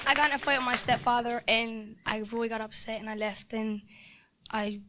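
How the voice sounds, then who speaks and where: A woman's voice: a little high, steady tone, fairly quick, over a noisy crowd, very noisy. A woman from the studio audience hesitantly telling a personal story.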